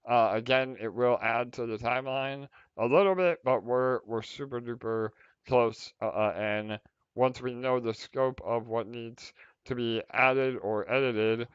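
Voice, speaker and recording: A man's voice: mid-range voice, smooth, dry recording, muffled recording. A man hosting a livestream community update for a crypto project, upbeat and full of fillers and restarts.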